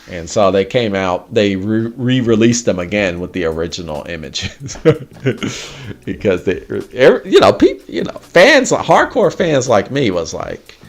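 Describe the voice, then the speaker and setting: Man, livestream host, gravelly voice, lively swooping pitch, casual chat, faint music behind. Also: unhurried. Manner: animated, laughing often, swearing casually.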